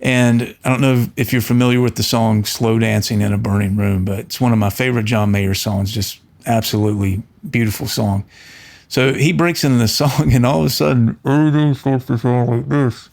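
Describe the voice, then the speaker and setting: A man's voice: fairly low pitch, a little fast, vocal fry. A middle-aged man, an audio engineer, talking earnestly to camera and telling a story, often restarting his words. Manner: earnest, storytelling, with frequent restarts and animated quoted voices. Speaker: audio engineer and channel host. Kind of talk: casual talk to camera.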